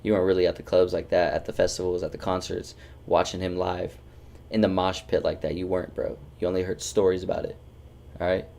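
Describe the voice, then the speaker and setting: A man's voice: low voice, flat delivery, fast talker, creaky, warm tone. A man streaming a game, chatting casually and teasing his friends with loose, swearing banter. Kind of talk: casual gaming stream chat.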